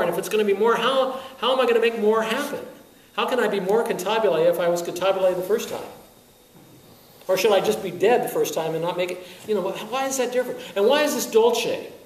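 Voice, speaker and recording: Animated male band clinician, echoey distant room. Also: high voice. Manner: animated, asks many rhetorical questions; chuckles often. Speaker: wind band conductor giving a clinic. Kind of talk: lecture to music teachers. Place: lecture room at a teaching workshop. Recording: echoey room, heard from a distance, faint hiss.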